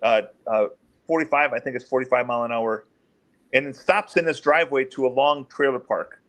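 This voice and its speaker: A middle-aged man, a former police officer, telling case stories in an interview and acting out the quoted voices. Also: brisk. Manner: animated, acts out quotes in raised pitch. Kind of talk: storytelling in an interview.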